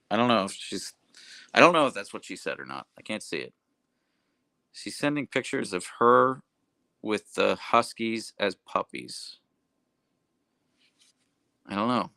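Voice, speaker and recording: Young adult man, livestream host, rambling casual chatter, lively pitch, dry close sound. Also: vocal fry, no room sound. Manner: rambling, self-correcting, reads chat messages aloud. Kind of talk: casual live-stream chat.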